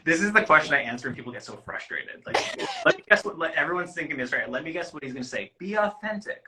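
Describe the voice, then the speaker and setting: A man giving casting advice in a casual livestream chat, animated and quick to act out what applicants might say. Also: on the high side, heavy background noise. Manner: animated, acts out applicants' lines, swears freely. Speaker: casting producer. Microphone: phone or laptop on a video call.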